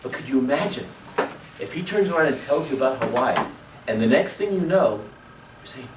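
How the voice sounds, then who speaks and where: A male rabbi teaching a class as animated storytelling. He swings between loud exclamations and hushed asides and drops in Hebrew and Yiddish words. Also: mid-range voice, fairly quick, long pauses. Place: synagogue classroom. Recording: echoey room, distant mic, faint noise.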